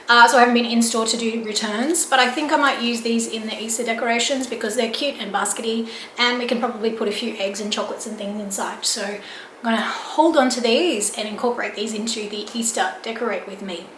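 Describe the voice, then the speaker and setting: An Australian woman with a fairly high voice talks chattily and brightly about her shopping haul. She is recorded indoors at home in an echoey room, with faint ambience underneath. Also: a little hiss or hum. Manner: chatty, upbeat product talk with light laughs. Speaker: home and lifestyle vlogger. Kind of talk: casual chat.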